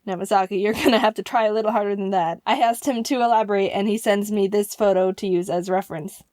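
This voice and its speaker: A woman narrating an animated storytime in an excitable way, jumping into playful voices for the people she quotes. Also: mid-range voice, fast talker, no room sound, studio quality.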